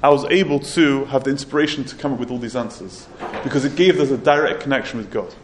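A man's voice: medium pitch, fast talker, slight background noise, natural voice. A man voicing a grieving, wise male prophet who earnestly and patiently explains his pain, in a roomy recording with faint ambience.

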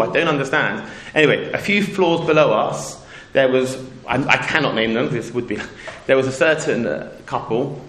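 A middle-aged man from England with a medium-pitched, somewhat bright voice rambles through a casual story with a moral for a community audience. He keeps interrupting himself and acts out the voices he quotes, all in a room with noticeable echo.

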